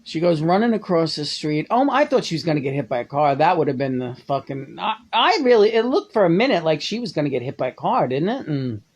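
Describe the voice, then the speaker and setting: A woman's voice: sits low, very animated, fast talker, few pauses, a little mellow, husky. A woman casually ranting about a film, sarcastic and profane, often laughing as she talks. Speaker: movie reviewer. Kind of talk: casual rambling monologue.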